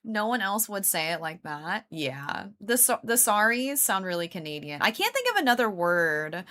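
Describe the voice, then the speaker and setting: A woman's voice: mid-range voice, sing-song, moderate pace, pushed and bright. A woman live streamer chatting casually with her viewers, rambling with lots of fillers and laughing often. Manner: chatty, laughs often, greets and answers chat.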